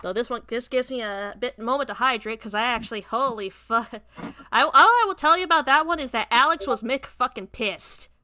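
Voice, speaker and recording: A woman streamer narrating her own fan fiction and chatting in an animated, self-deprecating way. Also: a little high, moderate pace. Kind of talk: casual chat and story narration.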